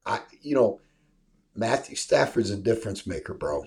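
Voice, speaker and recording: A man with a lowish, darkish voice hosts a sports show through a remote call mic. Very animated at a moderate pace, he talks casually and with emphasis, frequently adding "right?" to what he says.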